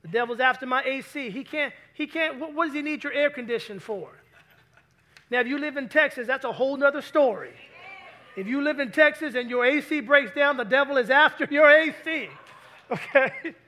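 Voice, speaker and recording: A male pastor with a strikingly high voice gives a sermon in a church. His tone is bright and forceful. He keeps calling out questions to the congregation as he preaches. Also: normal speed.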